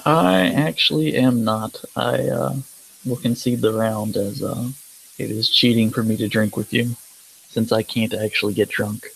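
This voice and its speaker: A man's voice: lowish voice, steady tone, measured pace, vocal fry, a bit bright, slightly rough, poor audio. A man playing a tabletop game, narrating hesitantly with fillers. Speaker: tabletop player. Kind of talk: casual tabletop role-play.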